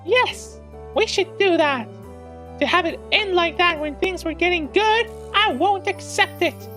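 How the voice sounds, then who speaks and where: Hyper little schoolgirl, shrill falsetto, read by a man streamer. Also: a little slow, pushed and bright, faint music behind, full character voice. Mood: gleeful. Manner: squealing falsetto.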